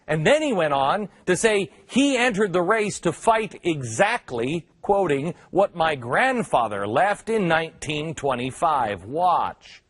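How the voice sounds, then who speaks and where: Sarcastic male talk show host, husky. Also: dry recording, clean studio sound. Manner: sarcastic, mocking asides; animated, jumps up and down in pitch. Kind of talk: opinion commentary.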